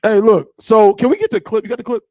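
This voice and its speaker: A man's voice: high voice, fast, no echo. Laughing, teasing man on a podcast. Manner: laughs often, animated and teasing. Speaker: podcast co-host. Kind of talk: casual podcast banter.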